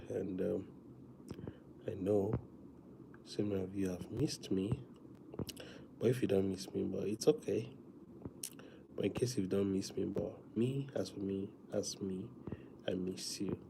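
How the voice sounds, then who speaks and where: A man chatting casually to viewers on a live stream, talking softly with many fillers because he is feeling weak. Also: sits low, fairly even intonation, creaky, noisy background. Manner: soft, drawn-out talk with many fillers.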